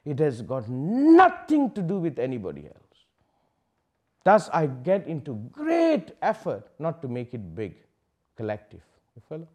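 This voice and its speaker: A man giving a public spiritual talk, asking rhetorical questions and swinging from loud declarations to hushed asides. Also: on the high side, wildly swooping pitch, measured pace. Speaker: spiritual teacher.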